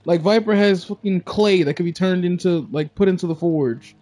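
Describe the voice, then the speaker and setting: A man's voice: high-pitched, moderate pace, mellow. A young man streaming a video game, talking casually with lots of swearing, laughter and silly sung nonsense syllables. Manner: profane, laughs a lot, sings nonsense syllables. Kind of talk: casual gaming stream chat.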